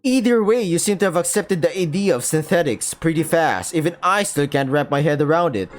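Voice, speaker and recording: A Filipino man putting on a bubbly, earnest young woman handler from a sci-fi visual novel, chatty and a bit flustered. The voice sits raised and bright above his own, with faint game music behind. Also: a little high, expressive, fairly quick, close to an everyday voice. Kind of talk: reading a visual novel aloud.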